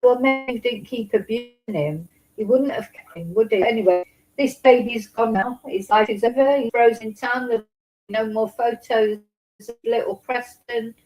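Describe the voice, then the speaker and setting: A woman's voice: fairly high pitch, moderate pace, darkish tone, rough recording. A woman hosting a casual true crime livestream from her home in Spain, talking in a rambling, emotional way with many restarts.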